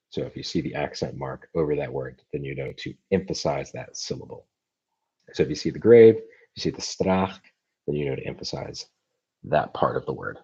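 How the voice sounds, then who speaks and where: A language-learning channel host from the United States fields viewer questions during a home livestream, pausing thoughtfully with many fillers and restarts. He has a very deep, warm voice with vocal fry and a breathy edge. His computer mic cuts off the highs.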